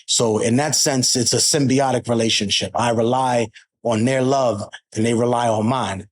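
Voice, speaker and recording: A man's voice: mid-range voice, fairly even intonation, normal speed. A man as a podcast guest, telling stories in a blunt, profane and emphatic way. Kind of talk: casual interview talk, storytelling.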